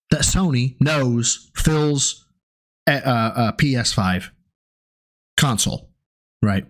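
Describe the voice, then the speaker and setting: A man giving sarcastic, profane reaction commentary, ranting in exasperation. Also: medium pitch. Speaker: co-host mocking a recap video.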